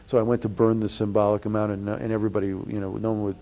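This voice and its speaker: A man's voice: lowish voice, flat delivery, rapid-fire. A man interviewed about his experiences, telling long rambling stories with many restarts and an indignant edge. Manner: rambling, restarts often, acts out quoted people loudly. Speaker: interviewee, blogger. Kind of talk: storytelling in an interview.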